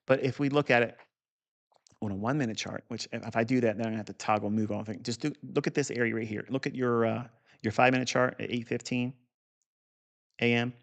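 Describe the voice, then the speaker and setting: A man's voice: mid-range voice, fairly even intonation, fast talker, creaky. A man teaching a live market review lesson in a blunt, profane, rambling way. He repeats key points for emphasis and talks straight at the viewer. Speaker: trading educator.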